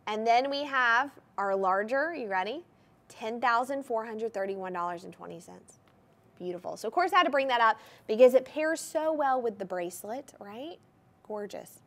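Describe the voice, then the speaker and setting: A woman's voice: fairly high pitch, expressive, moderate pace, a bit bright. A woman hosting a live TV shopping show, presenting jewelry in an enthusiastic, gushing sales patter. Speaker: shopping channel host.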